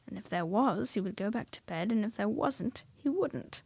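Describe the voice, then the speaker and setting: A woman reading a children's storybook aloud, expressive and dropping to hushed whispers at tense moments. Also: medium pitch, normal speed, vocal fry, slightly rough, no room sound.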